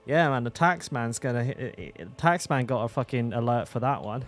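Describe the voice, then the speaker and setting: A man's voice: mid-range voice, a little fast, soft background music. A man chatting casually to his live-stream audience while he plays a game, swearing freely, laughing, and often trailing off mid-sentence.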